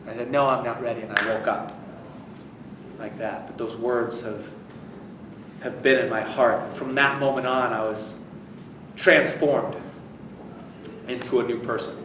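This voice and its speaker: A man giving an inspirational speech at a convention, telling a personal story in a conversational and animated way. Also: mid-range voice, a little hiss or hum. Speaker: speaker at a convention. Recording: echoey hall, recorded from far off.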